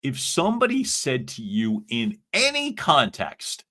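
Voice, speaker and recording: A man's voice: medium pitch, wildly swooping pitch, a little slow, few pauses, bright, forceful tone. A man coaching salespeople on a live stream, talking with energy and emphasis and acting out sample phone lines.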